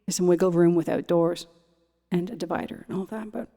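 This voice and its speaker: A woman's voice: fairly low pitch, steady tone, fairly quick, warm tone. A woman in her thirties or forties, from Ontario, hosting a cabaret livestream and chatting casually between songs, rambling and restarting her sentences. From Ontario, Canada. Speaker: cabaret host and singer. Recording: long hall reverb with faint music.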